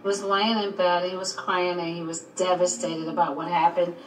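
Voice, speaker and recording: A woman's voice: lowish voice, little pitch movement, moderate pace, echoey room, slight background noise, low-quality recording. A woman, the mother, recounting in earnest during a documentary interview.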